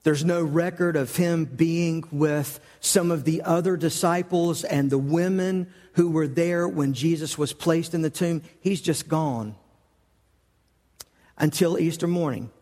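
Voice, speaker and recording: A man's voice: on the high side, unhurried, a little mellow. Man preaching in a reverberant hall. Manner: conversational storytelling, acts out quoted lines. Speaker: pastor. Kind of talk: sermon.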